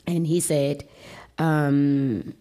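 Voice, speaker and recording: A woman's voice: sits low, fairly even intonation, extremely slow, dark tone. A woman singer being interviewed, telling personal stories expressively and acting out the voices of her family.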